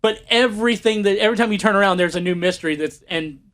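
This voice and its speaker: A man's voice: sits high, fast, fairly bright tone. A man co-hosting a podcast, rambling through a story in casual chat with lots of fillers. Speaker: podcast co-host.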